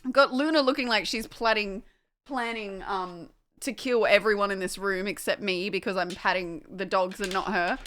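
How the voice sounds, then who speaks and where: A woman's voice: mid-range voice, moderate pace, a bit bright. A young woman casually chatting on a livestream at home, distracted by her dogs, swearing and laughing.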